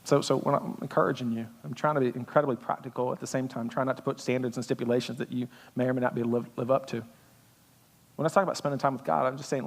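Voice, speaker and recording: A man preaching a sermon as pastor in a church, talking conversationally and building to loud intensity. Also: medium pitch, little pitch movement, rapid-fire, vocal fry, big-room sound. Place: church auditorium.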